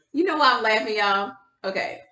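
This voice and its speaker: A woman's voice: a little high, lively intonation, moderate pace, pushed and bright. A woman co-hosting a podcast in casual chat, telling a candid, profane story about her own life. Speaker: podcast co-host. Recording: echoey room.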